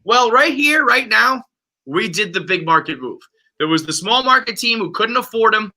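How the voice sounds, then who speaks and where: A man hosting a sports podcast with a very bright, high-pitched voice. He rants profanely and with heat about his team, like a fired-up fan. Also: animated, normal speed, soft background music, rough recording. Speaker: podcast host. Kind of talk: casual sports podcast chat.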